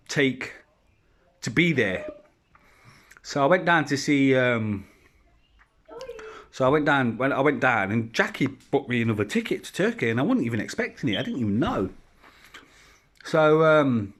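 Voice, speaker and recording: With a mid-range, slightly bright voice, a male vlogger recounts a personal story at home while children are about. The telling is rambling and casual, packed with swearing and repeated restarts.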